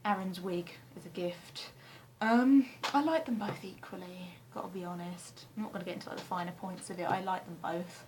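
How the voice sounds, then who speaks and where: A woman's voice: on the low side, steady tone, normal speed, a little mellow, a little hiss or hum, low-quality recording. Rambling, self-deprecating young woman vlogger. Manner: rambling, self-deprecating, frequent ums, sweary. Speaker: vlogger answering a tag questionnaire. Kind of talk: casual chat. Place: flat, indoors.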